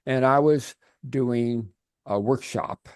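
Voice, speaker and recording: A man coaching on a video call, telling stories in an animated way and often restarting his sentences. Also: medium pitch, takes it slowly, clear, resonant tone, dry recording, clean studio sound. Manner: animated storytelling with frequent restarts. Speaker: life coach.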